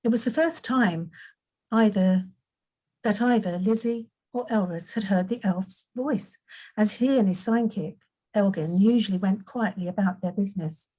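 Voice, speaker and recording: A woman reading her own fantasy story aloud in an unhurried way, now and then correcting a slip. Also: medium pitch, warm tone, rough recording. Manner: unhurried, occasional slips and self-corrections.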